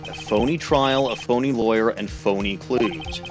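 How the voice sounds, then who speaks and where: A man streaming a game, reading courtroom lines in a theatrical, lowered voice with crude asides, faint music behind. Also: moderate pace. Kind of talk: dramatic game dialogue reading.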